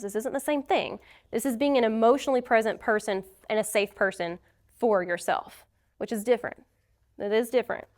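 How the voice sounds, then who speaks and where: A woman with a fairly high voice leads a class on healing. She talks straight to her listeners, earnest and direct, and weaves in her own stories as she teaches. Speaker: class leader speaking to a group. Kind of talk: heartfelt teaching talk.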